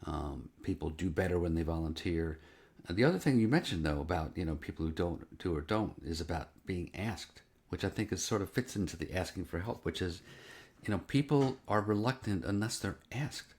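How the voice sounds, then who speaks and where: A man's voice: low voice, expressive, brisk, darkish tone. A man hosting an interview, musing aloud with many fillers. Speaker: interview host. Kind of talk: conversational interview.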